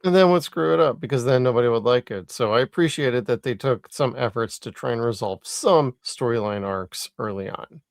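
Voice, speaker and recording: A man's voice: mid-range voice, a little fast, vocal fry, few pauses, no room sound, clean studio sound. A tired man co-hosting a podcast, chatting enthusiastically and swearing casually. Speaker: podcast co-host. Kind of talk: casual chat.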